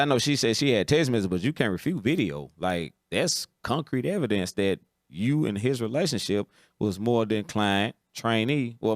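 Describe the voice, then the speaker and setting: On a live football talk stream, a man with a mid-range voice offers blunt opinions in casual commentary, often asking "you understand?". The studio-quality recording has no echo.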